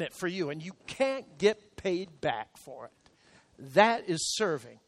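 A man's voice: sits high, big pitch swings, unhurried. A male pastor preaching a sermon in church, emphatic and counting out his points. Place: church service.

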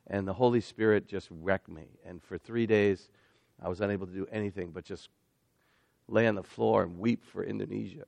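A middle-aged man preaching an energetic sermon as a missionary, getting excited and building toward shouting. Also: fairly low pitch, normal speed, vocal fry, no room sound.

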